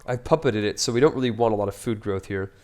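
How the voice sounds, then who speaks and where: A man with a low, darkish voice talks fast while casually commenting on his own strategy game playthrough as a let's play host. He's upbeat and chatty, adding wry, joking asides.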